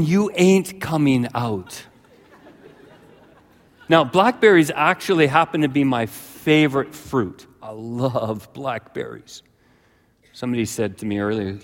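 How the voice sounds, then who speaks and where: A man preaching a sermon as pastor, telling a childhood story with lively acted-out voices. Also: slow pace. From British Columbia, Canada. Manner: animated storyteller, jumps to high frantic voices when acting out his childhood self. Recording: long reverb of a large hall.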